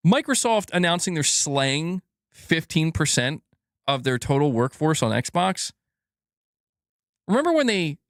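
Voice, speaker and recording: A young man rants about gaming news in a lively, swooping voice that sits a little high for a man. He swears freely, laughs often and snaps back at his viewers. The sound is close and dry, with no room echo. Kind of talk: casual ranting commentary.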